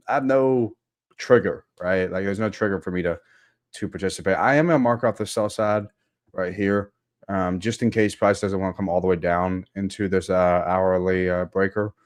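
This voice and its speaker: A man giving relaxed live commentary on futures charts, with frequent fillers. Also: low-pitched, normal speed, smooth, dry recording, studio quality. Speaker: futures trader.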